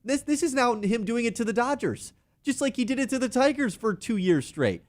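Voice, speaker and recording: A man co-hosting a sports radio show, talking in animated, sarcastic banter and mocking with put-on quotes. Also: very high-pitched, a little fast.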